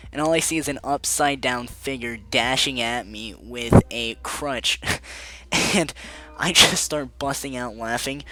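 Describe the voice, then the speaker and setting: A man's voice: mid-range voice, sharp tone. Young male vlogger, casual storytime, sarcastic and joking, cusses a lot.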